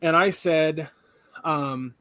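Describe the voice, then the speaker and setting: A man's voice: on the high side, extremely slow, dry recording. A tired young man, a podcast co-host, casually retelling a work story and acting out the voices of the people in it. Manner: animated retelling, acts out quoted voices, swears casually.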